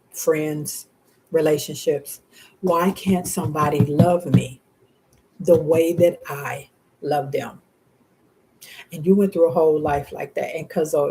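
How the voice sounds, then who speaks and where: A woman's voice: sits low, darkish tone. Heartfelt casual woman reading tarot. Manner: casual and slangy, speaking to the viewer and to spirit guides; heartfelt, often laughing between words. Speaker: tarot reader. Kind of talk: live-stream tarot reading.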